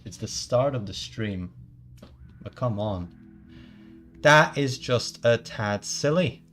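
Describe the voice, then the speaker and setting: A man chatting casually at the start of a live stream, rambling with many stumbling restarts and playful mock-formal asides. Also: medium pitch.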